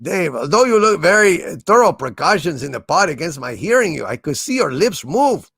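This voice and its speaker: A man voicing a calm, menacing ship computer with a relaxed Chicano accent, refusing requests in a slow, mock-polite way. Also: fairly high pitch, creaky, slightly rough, dry recording, clean studio sound, exaggerated voice. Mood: calmly refusing.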